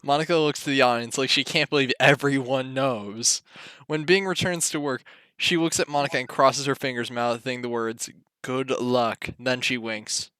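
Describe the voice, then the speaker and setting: A man reading a play's stage directions aloud in a brisk, matter-of-fact way. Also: medium pitch, pushed and bright, smooth, no room sound.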